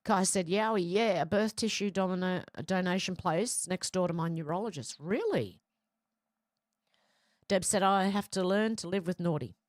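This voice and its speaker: A woman's voice: on the low side, moderate pace, no echo. Woman, middle-aged, chatty livestream host reading comments, close dry mic. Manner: reads viewer comments aloud, chatty, laughs often. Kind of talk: casual chat.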